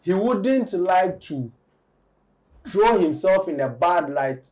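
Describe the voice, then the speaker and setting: A male commentator, speaking a touch high. He weighs his words deliberately and lays out both sides of the story in talk-show fashion. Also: animated, darkish tone. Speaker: entertainment commentator.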